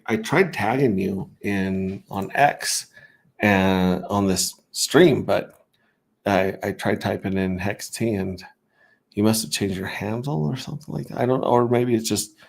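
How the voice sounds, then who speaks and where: Man, low gravelly voice, casual livestream host, rambling, restarts mid-sentence, offhand humor. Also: unhurried. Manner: rambling, self-interrupting, wry asides.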